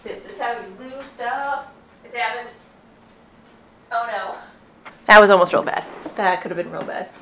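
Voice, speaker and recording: A woman's voice: a little high, normal speed, long pauses, bright, forceful tone. A young woman hosting a knitting podcast at home, chatting casually and rambling, often breaking off to talk to her dog. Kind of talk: casual chat. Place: at home with dogs.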